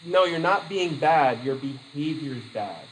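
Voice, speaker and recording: Man, teacher, classroom lecture, fairly high voice, faint background noise. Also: a little slow, low-quality recording. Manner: lively, acts out quoted voices, laughs easily.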